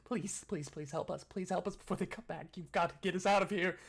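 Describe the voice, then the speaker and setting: A man's voice: sits high, fairly even intonation, fairly quick, gravelly, breathy edge, voice pushed up, exaggerated voice. A man voicing a desperate, battered male prisoner in chains who begs over and over for rescue in a tabletop game. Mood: sobbing plea. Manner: frantic, pleading, repeating itself.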